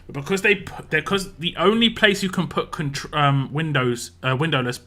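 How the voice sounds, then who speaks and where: A British man streaming a game and chatting with viewers. His voice is bright and forward, and he rambles easily, full of "like" and "you know". He often restarts mid-sentence. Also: a little high, normal speed. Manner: rambling, answers chat questions, frequent fillers and restarts. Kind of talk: casual live-stream commentary.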